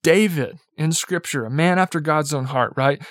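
Young man, preacher, casual sermon, chatty, light chuckles, higher voice, dry close sound. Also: moderate pace, no room sound. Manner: conversational, peppered with "like" and "right?"; chuckles lightly while speaking.

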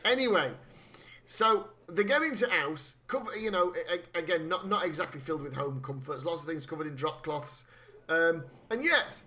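A man from Britain co-hosting a casual film chat, animated and sweary, who often restarts his sentences. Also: on the high side, moderate pace.

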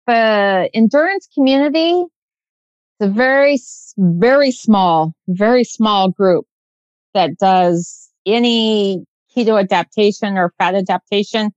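A woman's voice: medium pitch, measured pace, darkish tone, dry recording. Dry, slightly dull-sounding woman coach. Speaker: running coach, host. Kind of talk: casual podcast chat.

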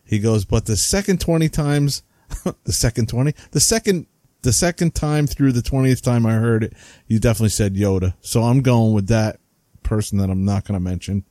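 A man's voice: mid-range voice, moderate pace, warm tone, dry recording. A man with a New Jersey accent co-hosting a casual podcast, chatting and reading listener comments aloud with frequent laughs. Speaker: podcast co-host.

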